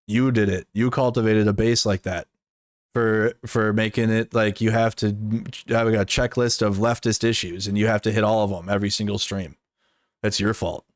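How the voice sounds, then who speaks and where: A man gives off-the-cuff commentary in a low voice. He is blunt and profane, and he rambles with plenty of "like" fillers. The sound is close and dry. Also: fairly even intonation, normal speed, no room sound. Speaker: streamer and political commentator. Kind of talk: casual commentary stream.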